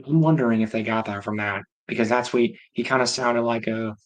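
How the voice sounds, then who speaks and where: Reacting out loud to viewer comments, a male livestream host talks casually and rambles. He has a mid-range, steady voice at a fairly quick pace, and the recording quality is low.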